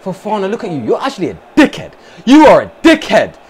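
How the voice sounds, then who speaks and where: A young man commentating on his own football video game, shouting, swearing and groaning at his players. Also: high voice, wildly swooping pitch, fast talker. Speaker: gaming streamer. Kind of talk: excited live gameplay commentary.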